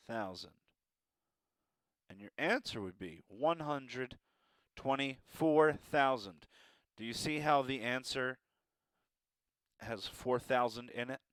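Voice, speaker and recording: A man's voice: medium pitch, a bit bright, smooth, no echo. A man teaching a math lesson, encouraging and playful with joking asides.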